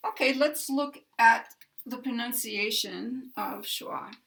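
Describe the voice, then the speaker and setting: A woman's voice: fairly high pitch, takes it slowly, vocal fry, fairly bright tone. An American woman teaching pronunciation, explaining carefully and stretching stressed words to demonstrate them.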